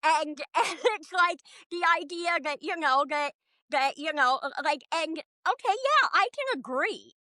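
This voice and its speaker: A woman comedian in casual podcast chat, profane and animated, ranting with big swings in loudness. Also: high voice, a little slow, no echo. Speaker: comedian guest.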